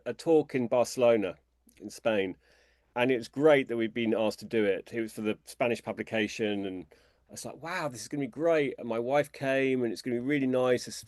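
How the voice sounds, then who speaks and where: A British man, an author guest in an interview, who tells lively anecdotes and talks in a chatty, conversational way. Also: no echo, clean studio sound. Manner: animated storyteller, imitates people in a high voice.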